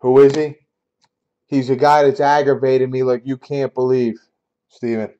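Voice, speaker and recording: A man hosting a sports card break live, talking casually and getting loudly exasperated, repeating himself. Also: medium pitch, flat delivery, a little slow, dull audio. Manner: exasperated, repetitive, loud outbursts. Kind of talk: casual live-stream banter.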